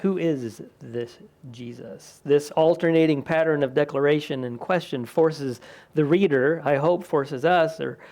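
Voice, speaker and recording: A man's voice: fairly high pitch, gravelly, a little mellow. A man, a pastor, preaching a conversational sermon in a church, lifting his voice when he quotes the people in the scripture. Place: church sanctuary.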